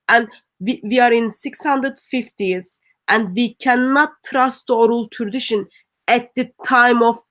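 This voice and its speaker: A woman with a fairly high voice speaks in as co-host of a live discussion. She talks earnestly and firmly and often restarts her sentences. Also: a bit bright. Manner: earnest, firm, with restarts and non-native grammar.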